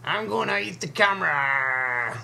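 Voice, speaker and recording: A man voicing a small snake that boasts about how big and ferocious it is, in a playful, high, mock-menacing voice. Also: lively intonation, a little slow, creaky, bright, forceful tone, full character voice. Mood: mock-fierce. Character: boastful little snake, pretending to be fierce.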